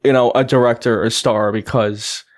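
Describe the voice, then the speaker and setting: A man's voice: mid-range voice, steady tone, moderate pace. A man with a mid-range voice, rambling through casual podcast talk. He leans on fillers and restarts as he works out his thoughts. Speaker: podcast co-host. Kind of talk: casual chat.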